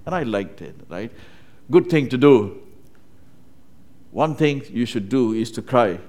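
A man's voice: mid-range voice, expressive, measured pace, darkish tone. Conversational male preacher. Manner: conversational, with frequent tag questions. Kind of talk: sermon.

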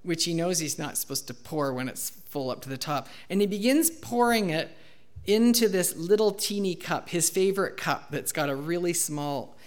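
A man in his thirties, a pastor preaching a sermon and telling a candid personal story, with bursts of loud acted shouting. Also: on the high side, lively intonation, normal speed. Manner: candid storytelling, acts out his own outbursts loudly.

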